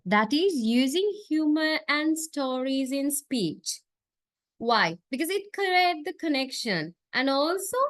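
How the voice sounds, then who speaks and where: With a voice that sits high, this woman university lecturer explains her material one step at a time in a classroom lecture, regularly pausing for an "okay?" or "right?" No room sound is audible.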